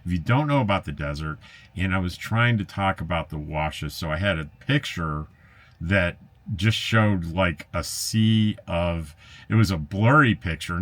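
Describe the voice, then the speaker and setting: A man's voice: extremely low pitch, a bit bright. A man, an RV travel vlogger, casually reads viewer comments aloud and answers them in a chatty, easygoing way. He uses lots of fillers, laughs lightly, and has a wry, slightly sarcastic edge.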